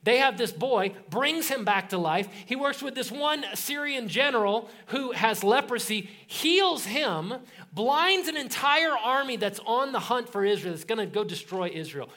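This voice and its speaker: High-voiced pastor telling a lively story. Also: male voice, measured pace. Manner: animated storytelling, acts out voices in quotes; casual, joking tone. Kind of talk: sermon.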